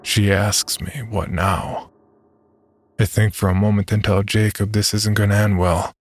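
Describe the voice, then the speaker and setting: A man reading a scripted first-person horror story in a measured, grim way. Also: fairly low pitch, little pitch movement. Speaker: narrator. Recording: music beneath the voice.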